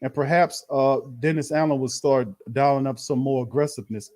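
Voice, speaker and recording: A man hosting a fan watch party, calling plays in a slangy, animated way and talking to his chat. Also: mid-range voice, fairly quick. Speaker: fan host doing live play-by-play. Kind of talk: excited watch-party commentary.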